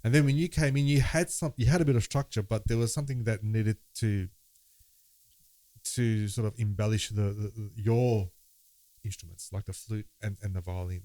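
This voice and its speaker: A man co-hosting a music podcast, talking in a halting, thoughtful way with many restarts. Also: fairly low pitch, mellow, dry recording. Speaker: podcast co-host, guitarist. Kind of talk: casual conversation about music.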